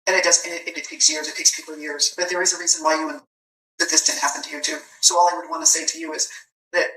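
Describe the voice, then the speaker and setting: A woman interviewer in a recorded police interview, speaking in a steady, reassuring way and explaining at length. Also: low voice, fast talker. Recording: roomy, distant from the mic, faint background hum.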